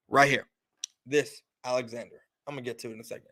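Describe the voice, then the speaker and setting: Loud emphatic man, bright voice. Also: high voice, very animated, brisk. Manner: loud, emphatic, repetitive insistence. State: been drinking a little. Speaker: sports podcast host. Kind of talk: heated sports opinion talk.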